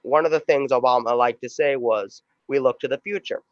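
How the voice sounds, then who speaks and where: A man's voice: medium pitch, a little fast, no room sound. Man talking in a dull, dry recording. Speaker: show host. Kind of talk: casual commentary introducing clips.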